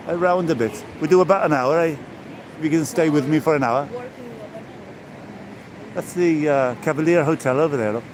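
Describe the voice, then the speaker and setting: Guy in his 60s from england rambling to his live viewers while walking the seafront, traffic noise behind. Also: a little high. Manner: chatty, rambling, greets viewers by name. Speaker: vlogger live-streaming a walk. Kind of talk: casual chat to live viewers. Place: outdoors on a seaside promenade, walking.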